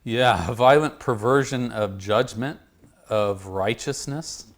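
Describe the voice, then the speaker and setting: A man teaching a Bible study group, talking haltingly and repeating words as he works through a passage and draws answers from the class. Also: medium pitch.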